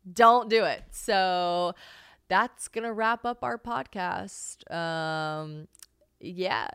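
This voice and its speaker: Young woman, solo podcast host. Candid, lively storyteller who curses, dry booth sound. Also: medium pitch, no room sound. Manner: candid, animated, swears freely, acts out her own reactions.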